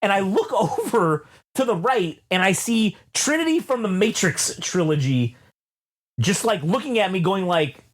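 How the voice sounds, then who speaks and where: Man, casual podcast co-host, very lively pitch, profane, laughing, acts out quotes in a high voice. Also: normal speed. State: sweaty. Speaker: podcast co-host reviewing an album. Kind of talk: casual chat, animated storytelling.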